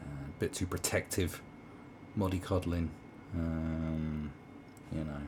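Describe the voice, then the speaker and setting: A man's voice: rumbling low, fairly even intonation, slow, noisy background. A middle-aged man with a British accent giving a sarcastic, rambling video commentary, swearing and restarting often. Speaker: commentary vlogger.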